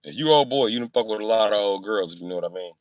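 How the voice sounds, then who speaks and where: A young man on a casual live stream, reading chat and telling profane, boastful stories, swinging between loud outbursts and low mutters. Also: animated, very fast, no echo, clean studio sound.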